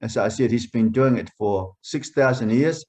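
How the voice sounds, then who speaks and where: A man preaching a sermon as pastor of a church, deliberate and emphatic, repeating key phrases to drive them home. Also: mid-range voice, darkish tone.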